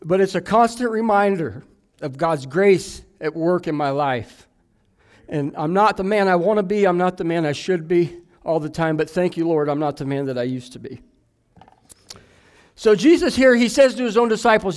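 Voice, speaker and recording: A man in his thirties preaches from the pulpit and weaves his own story into the sermon. His voice sits a bit higher than most men's, and he tells it candidly, poking fun at himself with the odd joke. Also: expressive, moderate pace. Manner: candid, self-deprecating storytelling with jokes. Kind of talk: sermon with personal testimony.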